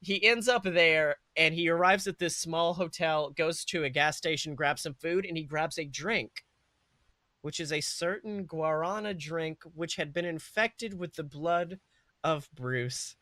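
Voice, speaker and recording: A young man hosts a podcast, narrating a comedic fan-fiction story in a rambling way, full of fillers and quick self-corrections. His voice is bright and forceful and sits slightly high for a man. The sound is dry and close. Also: no room sound. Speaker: podcast host.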